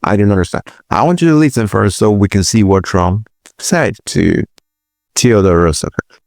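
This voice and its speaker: A man's voice: on the low side, lively intonation, moderate pace, creaky, a little mellow, dry recording, studio quality. A man hosting political commentary, reacting to clips with hesitant restarts and incredulous exclamations.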